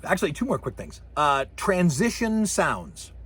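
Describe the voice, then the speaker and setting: Male lecturer, husky voice, very lively delivery, voices sound effects mid-lecture. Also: fairly high pitch, measured pace. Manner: animated, imitates sound effects with his voice. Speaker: university lecturer. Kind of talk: recorded course lecture.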